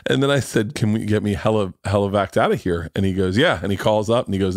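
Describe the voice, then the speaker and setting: A man in his forties hosts a podcast, his lowish voice moving a little fast in a studio-quality recording with no room sound. It's a casual storytelling chat: he rambles, swears, and laughs at his own jokes.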